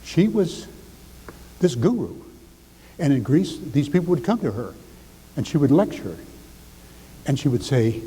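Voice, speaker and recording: Older man giving an animated talk. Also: a little high, unhurried, pauses often, slightly rough, long reverb tail, poor audio. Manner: animated, acts out quotes, drops to near whisper for demonstration. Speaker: speaker. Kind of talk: seminar talk.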